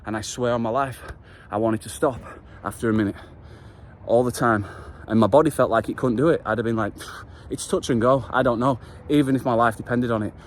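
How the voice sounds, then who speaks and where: A fast-talking man with a mid-range voice and fairly even intonation vlogs right after a workout, passionately delivering a sincere motivational message with some swearing. The recording carries a little hiss or hum.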